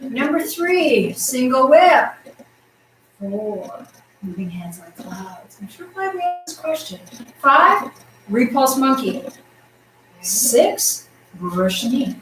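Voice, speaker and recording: Upbeat female tai chi teacher, fairly high voice, projecting, heard from across an echoey room. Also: sing-song, takes it slowly, long pauses, distant mic. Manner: upbeat, encouraging, counts out moves; projecting her voice loudly. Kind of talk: guiding an exercise class. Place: exercise room indoors.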